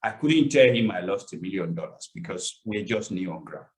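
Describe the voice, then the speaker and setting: A man's voice: deep voice, animated, normal speed, low-quality recording. A man presenting a webinar, earnestly telling a painful personal story with emotional swings; English is not his first language. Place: online webinar call.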